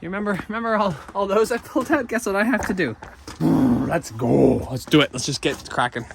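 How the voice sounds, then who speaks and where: A man's voice: sits high, brisk, vocal fry, noisy background. A man vlogging casually while working on his van, joking and talking to himself as he goes. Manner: excitable, joking, talks to himself as he works.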